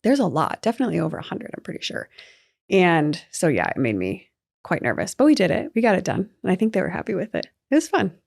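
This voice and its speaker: Chatty woman with a lively voice. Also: fairly low pitch, fast talker, creaky. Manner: chatty, lots of "like" fillers, animated storytelling. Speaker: podcast co-host. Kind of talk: casual sports chat.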